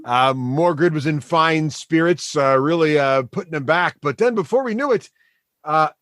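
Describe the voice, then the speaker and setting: A man's voice: fairly high pitch, fairly bright tone, no echo, studio quality, natural voice. A man voicing a male dwarf prisoner who rambles with lots of "uh" fillers and puts on a mock Canadian accent, tacking "eh" onto his lines. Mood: rueful. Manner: attempted Canadian accent, tacks on "eh"; halting, many "uh" fillers.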